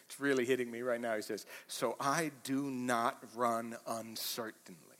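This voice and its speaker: A man preaching a sermon as pastor, swinging between quiet, low asides and loud, impassioned bursts. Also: steady tone, normal speed. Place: church auditorium. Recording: reverberant church hall.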